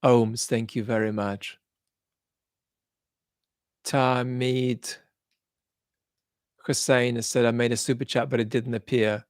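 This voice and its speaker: Reading viewer comments on his live stream, this host has an accent mixing hints of Australian and London. He's thoughtful and full of ums but gets blunt when passing judgment. His mid-range voice is flat and slow with long pauses, recorded in studio quality with no echo.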